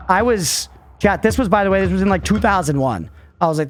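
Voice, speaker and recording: A man's voice: sits high, brisk, fairly bright tone, soft background music. A man in his thirties streaming a game, rambling casually, laughing often and swearing to chat. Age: 30s. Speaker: livestreamer. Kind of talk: casual gaming commentary to chat.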